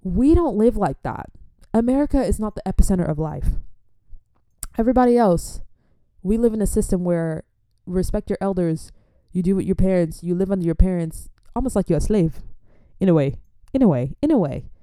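A young woman from an immigrant family, talking in a chatty, animated way as she gives faith-based life advice and laughs often. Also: medium pitch, a little fast, no echo, studio quality. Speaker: Christian vlogger. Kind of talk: casual advice talk.

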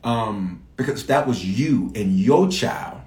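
A man's voice: on the low side, animated, takes it slowly, darkish tone, echoey room. A man answering audience questions as a bishop, in an emphatic, repetitive preaching cadence. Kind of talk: preaching Q&A talk.

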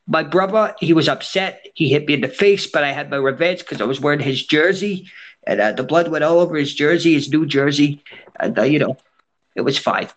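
A man's voice: a little high, a little fast. Nasal man telling rambling stories. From Scotland. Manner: rambling, anecdotal storyteller. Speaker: entertainer and guest. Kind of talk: casual chat.

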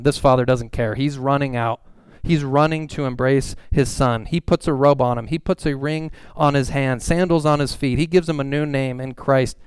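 Male pastor, sermon delivery, earnest, repeats key lines; smooth tone, mid pitch. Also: no room sound. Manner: earnest, repeats phrases for emphasis.

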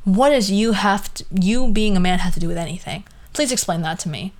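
A woman's voice: mid-range voice, fairly quick, a little mellow. A young woman hosting a podcast, ranting casually in an exasperated, sarcastic way, swearing freely and trailing off into asides. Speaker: podcast host.

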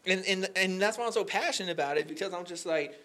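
A young man telling an emotional faith story on a podcast, animated and full of "like" fillers. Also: high-pitched, fast talker. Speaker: podcast guest. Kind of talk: candid faith conversation.

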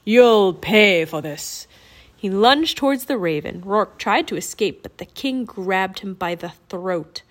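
Woman audiobook narrator, children's fiction, clear, expressive. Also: mid-range voice, unhurried, few pauses.

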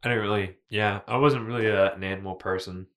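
Laid-back young man, lowish voice. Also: fairly even intonation, fast, fairly bright tone. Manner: laid-back, full of "like" and "dude". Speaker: podcast co-host. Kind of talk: casual chat.

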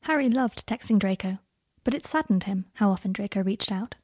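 A woman with a medium-pitched, slightly mellow voice narrates a fan fiction audiobook at a slightly quick pace. She voices every character's dialogue and texts herself, all in one voice, as scripted narration. The recording is clean studio sound with no room echo.

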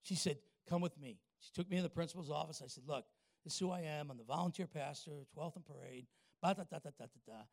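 An older man, a pastor telling a folksy story in a sermon and asking the congregation quick questions. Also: a little high, creaky, dry recording, clean studio sound.

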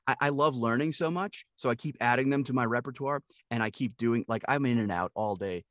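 A man's voice: medium pitch, a little fast, fairly bright tone, no echo, studio quality. A middle-aged man talking as a guest voice actor in a casual, playful interview, laughing often.

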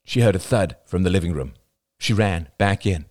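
A man narrating an audiobook chapter in an expressive, dramatic reading style. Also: low voice, normal speed, dry recording, clean studio sound. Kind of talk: scripted narration.

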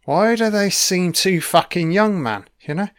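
Slow-talking, clear-voiced man commentating. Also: high-pitched, expressive, no room sound. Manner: crude, swearing, chatty asides to listener. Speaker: film commentator. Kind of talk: casual solo film commentary.

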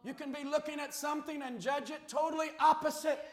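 A man preaching a fiery sermon as pastor, with rhetorical questions that build into shouts. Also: very high-pitched, steady tone, a little fast. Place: church sanctuary. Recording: echoey church hall.

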